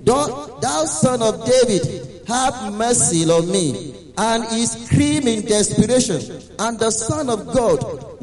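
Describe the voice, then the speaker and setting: Preacher guy, high voice, slow and dramatic, kinda chanting, soft music behind. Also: big-room sound, poor audio. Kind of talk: sermon.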